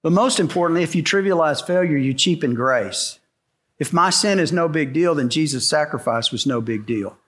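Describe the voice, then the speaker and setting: A man's voice: on the high side, animated, moderate pace, a bit bright. A middle-aged man preaching a sermon to a congregation, in an emphatic style that repeats its key lines. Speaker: pastor. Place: church sanctuary before a congregation.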